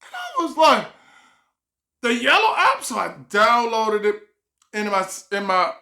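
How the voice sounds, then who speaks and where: A woman vlogger telling a comic story in loose, repetitive casual phrasing, breaking into animated exclamations. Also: mid-range voice, unhurried, echoey room.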